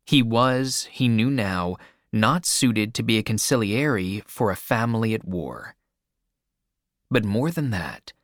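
A man reading a novel aloud as a narrator in a measured, even storytelling delivery. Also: fairly low pitch, no echo, studio quality. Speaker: audiobook narrator. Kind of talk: scripted narration.

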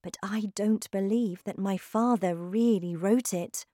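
A woman reading aloud who voices a gentle, kind young woman teacher, speaking softly and calmly. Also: medium pitch, a little slow, no room sound, studio quality, natural voice. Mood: sad. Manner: soft, calm.

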